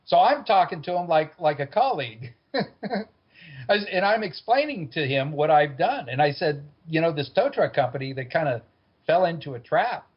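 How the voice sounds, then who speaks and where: Husky man telling a wry story. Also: on the high side, sing-song, moderate pace. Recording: dull lo-fi recording.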